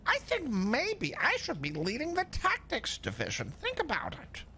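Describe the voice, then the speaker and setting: A woman's voice: high-pitched, huge pitch swings, normal speed, bright, forceful tone, a little hiss or hum. A woman boasting cockily while roleplaying in a game. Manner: cocky, boastful. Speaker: roleplay gamer. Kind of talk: in-character game banter.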